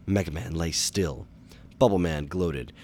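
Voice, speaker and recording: Deep-voiced man reading a storybook. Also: unhurried. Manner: steady, expressive storytelling. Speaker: narrator.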